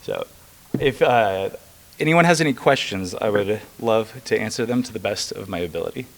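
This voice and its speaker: Casting: young man, lowish voice, earnest legislator at a press conference, emphatic. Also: lively intonation, normal speed, creaky. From rural Missouri. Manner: earnest and emphatic, with occasional fillers. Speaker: state legislator.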